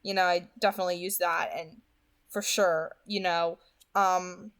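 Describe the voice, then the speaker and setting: A woman's voice: fairly low pitch, level tone, measured pace, a bit bright. A woman in her twenties with a New Jersey accent, rambling through casual commentary after a read-aloud on her channel and often repeating her words. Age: 20s. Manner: chatty, rambling, repeats words, many fillers. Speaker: book reading channel host. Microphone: home studio microphone.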